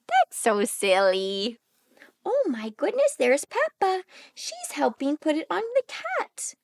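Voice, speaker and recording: A woman reads a children's picture book aloud, pausing to ask little listeners questions. Her voice is high and very lively, and she takes her time. The sound is close and dry. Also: vocal fry, no room sound. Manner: gentle, animated, asks the child questions. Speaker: speech therapist reading aloud.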